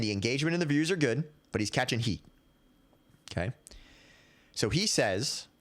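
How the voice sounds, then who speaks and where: A young man rants on his podcast about sports coverage, swearing freely and thinking out loud as he goes. His pitch swings up and down with every point, and he sits at an ordinary middle pitch for a man. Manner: profane, rambling, animated, thinking out loud. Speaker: podcast host. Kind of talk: casual sports rant.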